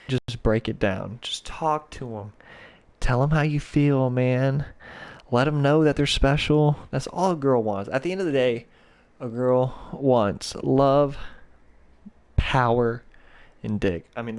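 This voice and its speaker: A young man hosting a podcast, telling a rambling, profane story in a casual, slangy way. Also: mid-range voice. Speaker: podcast host.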